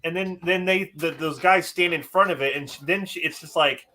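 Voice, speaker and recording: A man's voice: on the high side, fairly quick, sharp tone. A man co-hosting a casual movie podcast, rambling and repeating himself with lots of "like". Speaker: podcast co-host.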